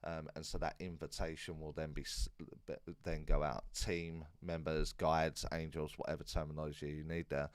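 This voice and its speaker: Low, smooth-voiced man chatting on a live stream. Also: no echo, studio quality. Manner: relaxed, rambling, many fillers and restarts. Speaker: medium hosting live Q&A. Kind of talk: casual live-stream chat.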